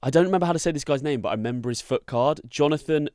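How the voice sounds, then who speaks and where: A man's voice: on the high side, rapid-fire, darkish tone, smooth, dry recording, clean studio sound. A young man co-hosting a podcast, bantering and teasing in casual chat. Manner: teasing, banters, calls people bro and mate. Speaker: podcast co-host. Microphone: podcast studio mic.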